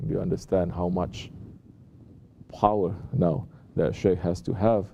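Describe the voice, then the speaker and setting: A man, a sheikh, giving an unhurried sermon and often checking in with his listeners with rhetorical questions. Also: sits low, steady tone, vocal fry, mellow, muffled recording, a little hiss or hum. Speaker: sheikh giving a talk at a Sufi lodge.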